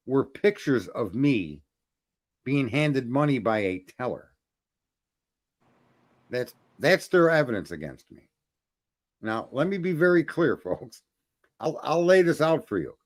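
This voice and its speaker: A man's voice: medium pitch, very animated, slow pace, pauses often. A man hosting a show, telling a profane story in a blunt, ranting way, often restarting his sentences and calling out to his listeners. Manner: repeats words when starting sentences. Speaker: host.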